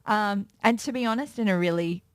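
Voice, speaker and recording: A woman's voice: mid-range voice, fairly quick, clear, resonant tone, no echo, studio quality. A woman, a music and pop culture presenter chatting as a guest in an interview, telling stories and acting out quotes. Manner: chatty storyteller, acts out quotes with lively voices. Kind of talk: casual interview chat.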